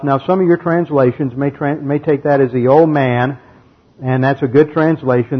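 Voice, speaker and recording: A man's voice: mid-range voice, steady tone, moderate pace, husky. A man teaching the Bible verse by verse, methodically explaining the grammar and reading passages aloud. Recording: dull lo-fi recording.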